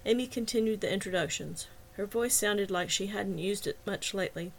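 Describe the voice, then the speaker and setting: A woman's voice: medium pitch, fairly quick, creaky, a little hiss or hum. A woman reading a serialized mystery story aloud as narrator and host, lifting her voice slightly for the characters. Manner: reads dialogue with lightly lifted voices for characters. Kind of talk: scripted audiobook narration.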